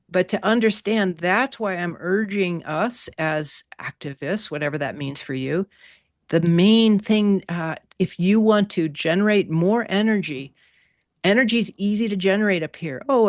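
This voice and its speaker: Animated woman teaching an online class. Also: fairly low pitch, unhurried, dry recording, clean studio sound. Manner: animated, playful, repeats key words. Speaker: workshop teacher. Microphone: video call.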